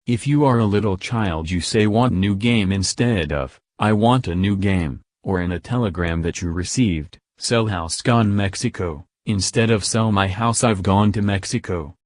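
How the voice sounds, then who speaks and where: Male teacher, lowish voice, deliberate lesson narration, dry recording. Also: no room sound. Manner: slow, deliberate word-by-word emphasis on examples. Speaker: English teacher.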